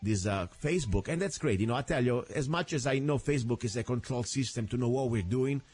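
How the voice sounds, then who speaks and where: A man with an Italian accent hosting a talk radio show, speaking in an animated, rambling way with non-native phrasing. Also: mid-range voice, fast, breathy edge. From Italy. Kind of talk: talk radio monologue and interview.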